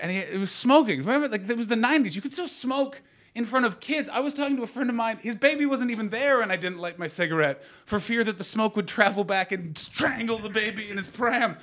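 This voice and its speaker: Animated Canadian man doing stand-up. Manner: animated storytelling, swings from loud outbursts to low asides. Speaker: stand-up comedian. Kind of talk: stand-up comedy with crowd work.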